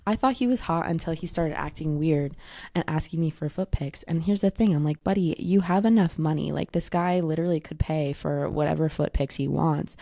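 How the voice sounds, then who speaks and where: A woman's voice: low-pitched, gravelly, warm tone, no echo, studio quality. A young woman in her twenties hosting a casual podcast, chatting and gossiping as she quotes herself. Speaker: podcast host. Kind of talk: casual chat.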